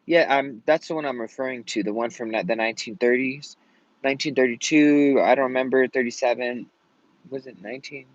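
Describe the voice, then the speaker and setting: A man's voice: mid-range voice, steady tone, a little fast, no echo. A man venting in a casual vlog rant, rambling and swearing often out of frustration. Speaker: vlogger. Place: at home in Colorado. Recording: dull lo-fi sound.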